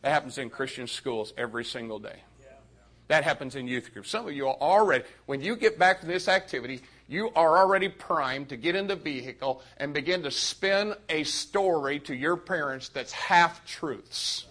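Animated male preacher with a high, bright voice. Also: moderate pace. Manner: animated, addresses youth directly. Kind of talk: sermon.

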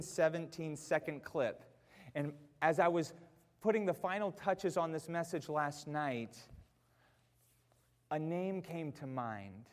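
A man preaches into a clip-on mic in a large church, his voice set a little high for a man, with a long reverb trailing each phrase. He drops to chatty, self-mocking asides and laughs with the congregation, then climbs to shouted peaks. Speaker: pastor. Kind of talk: sermon. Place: church auditorium. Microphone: wearing a mic.

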